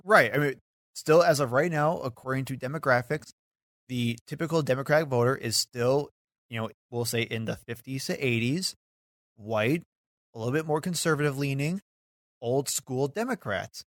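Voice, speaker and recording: A man co-hosting a political podcast in casual chat, talkative and quick to laugh. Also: medium pitch, a bit bright, dry recording, studio quality. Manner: talkative, laughs often, hedging asides. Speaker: podcast co-host.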